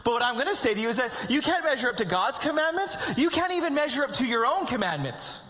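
A man preaching a sermon to his congregation, animated and conversational, with joking asides. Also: very high-pitched, fast. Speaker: pastor. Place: church sanctuary with congregation. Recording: long hall reverb.

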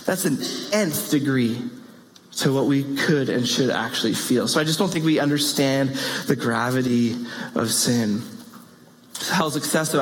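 High-voiced animated man preaching in a hall. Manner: animated, rising to exclamations and playful asides. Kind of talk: sermon. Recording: long hall reverb.

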